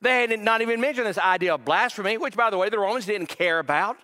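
A man preaching a sermon with a dramatic, emphatic delivery, his intensity building as he repeats phrases. His voice is bright and forceful and sits a little higher than most men's. The sound rings out with the long reverb of a large hall. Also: quick pace. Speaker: pastor.

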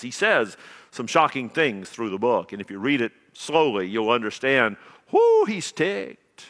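Animated, bright-voiced preacher in a hall. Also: male voice, medium pitch. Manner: dramatic swings between loud emphasis and quiet asides. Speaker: pastor. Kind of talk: sermon.

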